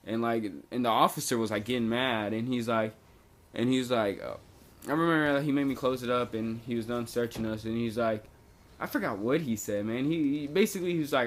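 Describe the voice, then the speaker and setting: A man's voice: medium pitch, fairly quick, slight background noise. A young man vlogging a casual storytime, rambling and laid-back, with lots of "like" fillers.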